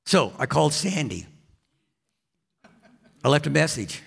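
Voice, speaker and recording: A man's voice: fairly high pitch, sing-song, a little slow, vocal fry, noisy background. A man preaching a sermon as a pastor, telling a personal story with frequent repeats and restarts.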